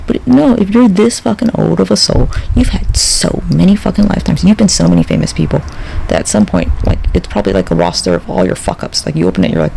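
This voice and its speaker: High-pitched guy with a super gravelly voice, swearing a lot on his podcast, faint hiss. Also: expressive, fairly quick, darkish tone, poor audio. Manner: profane, rambling, sardonic. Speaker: podcast host. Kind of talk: casual podcast monologue.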